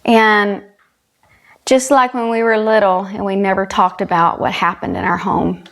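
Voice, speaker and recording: A woman's voice: medium pitch, fairly even intonation, normal speed, vocal fry, fairly bright tone. A woman from South Carolina with a Southern US accent, earnestly telling a personal story as a guest and retelling dialogue. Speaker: guest, country singer.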